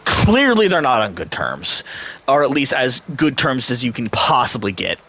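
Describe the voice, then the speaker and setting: A young man and gaming channel host telling a long personal story in a casual, animated way, swearing freely, laughing often and acting out the people he quotes. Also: mid-range voice, normal speed.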